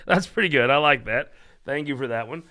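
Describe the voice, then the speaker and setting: A man's voice: a little high, pushed and bright. Irreverent man hosting a political show. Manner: irreverent, rambling, laughs at his own jokes. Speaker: political talk show host. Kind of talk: casual joke-telling chat.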